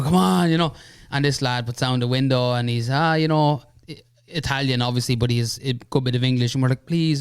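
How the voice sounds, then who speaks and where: Irish man telling a lively story. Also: mid-range voice, clear, resonant tone, no room sound, studio quality. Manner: animated anecdote-telling with lots of "right?" and "you know". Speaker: podcast guest. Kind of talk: casual storytelling.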